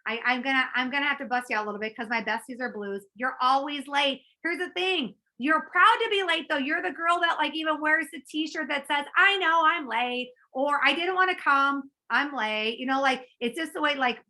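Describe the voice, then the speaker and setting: Bubbly high-voiced woman trainer. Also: fairly quick, few pauses, sharp tone, low-quality recording. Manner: bubbly, chatty, lots of fillers and quoted asides. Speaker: network marketing trainer. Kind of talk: motivational talk to an audience.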